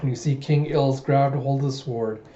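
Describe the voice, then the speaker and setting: A man casually narrating a comic readthrough, chatty and full of asides. His voice is very mellow and dark, and his pitch sits in the middle. The recording is roomy and slightly dull. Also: fairly even intonation, moderate pace, a little hiss or hum. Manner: chatty, retelling with many "he's like" asides. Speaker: comic reader and reviewer.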